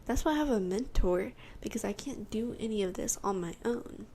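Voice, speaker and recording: In a medium-pitched, dark-toned voice at a moderate pace, a teenage girl from Texas, USA, hosts a podcast over slight background noise. Her story is a rambling personal testimony where she plays out her own lines and other people's.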